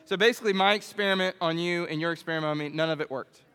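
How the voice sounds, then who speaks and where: A man preaching a playful sermon to a youth group, animated and constantly checking in with the room. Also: on the high side, racing, clear, resonant tone. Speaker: youth pastor. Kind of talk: playful sermon with audience demo. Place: church hall. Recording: echoey hall reverb.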